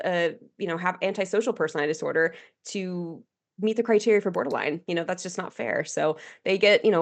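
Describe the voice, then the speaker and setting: A woman therapist speaks in a slightly low voice, open and candid about her own experience. She talks casually, with plenty of fillers and laughter woven in. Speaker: guest therapist. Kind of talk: casual podcast chat.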